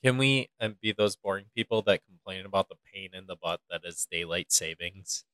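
A man's voice: low voice, brisk, bright, forceful tone, no echo, poor audio. A young man co-hosting a podcast, chatting casually with a dry, teasing manner. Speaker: podcast co-host. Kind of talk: casual chat.

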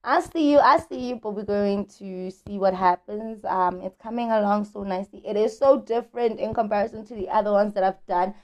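A woman's voice: medium pitch, fairly quick, hardly any pauses. A woman hosting a podcast, chatting casually about celebrity gossip in a slangy, chatty way and stretching words out for emphasis. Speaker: podcast host.

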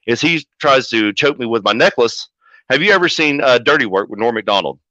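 A man who manages pro wrestlers, telling a story as a podcast guest in a profane, animated way. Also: mid-range voice, fairly quick, no room sound. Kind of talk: casual storytelling. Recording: dull lo-fi audio.

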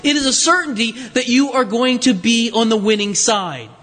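A man preaching a sermon in a conversational, animated way, with restarts and rhetorical questions. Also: very high voice, moderate pace. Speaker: pastor. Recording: long reverb of a large hall.

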